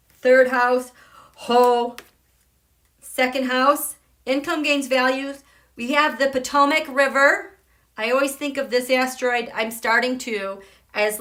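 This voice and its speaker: A woman hosting a live tarot and astrology stream, excitable and gushing, swinging between loud exclamations and soft murmurs. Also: fairly high pitch. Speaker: tarot and astrology channel host.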